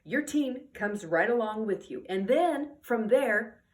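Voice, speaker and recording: A woman's voice: fairly high pitch, expressive, measured pace. Chatty woman giving parenting advice. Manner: rambling, restarts sentences, checks in with "okay?" and "all right?". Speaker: parenting coach. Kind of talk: casual advice monologue.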